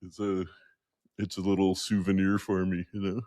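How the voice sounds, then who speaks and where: A man's voice: low-pitched, monotone, normal speed, dark tone. A man hosting a podcast, chatting casually and laughing easily. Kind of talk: casual chat.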